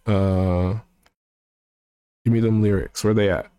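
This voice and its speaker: Guy rambling slowly, thinking out loud, dry close sound. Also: sits low, steady tone, clear, resonant tone, no echo. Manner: meandering, thinking aloud, self-correcting. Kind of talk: casual chat.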